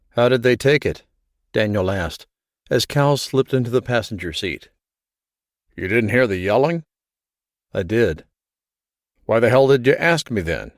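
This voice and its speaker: A man's voice: lowish voice, no echo, clean studio sound. A man narrating a thriller audiobook, voicing the characters' lines as he reads. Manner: reads the story, giving characters voices. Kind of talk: scripted narration.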